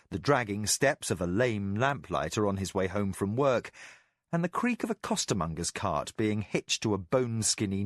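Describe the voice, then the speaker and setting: A man narrates a fantasy novel with a fairly low voice whose pitch rises and falls a great deal. The delivery is measured and expressive, and the sound is dry and close to the mic. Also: no room sound. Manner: measured storytelling with vivid, expressive phrasing. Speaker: audiobook narrator. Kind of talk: scripted narration.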